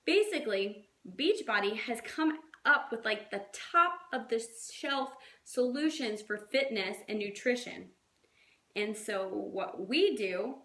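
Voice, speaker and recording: A woman's voice: on the high side, fairly bright tone, roomy sound. A woman coaching her team in a casual, chatty way, full of fillers and little acted-out quotes. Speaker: fitness coach.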